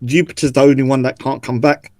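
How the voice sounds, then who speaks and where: A man's voice: medium pitch, little pitch movement, fast, mellow, no echo. A man joining a live online panel, bantering casually and making mocking, provocative jokes. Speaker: panel guest.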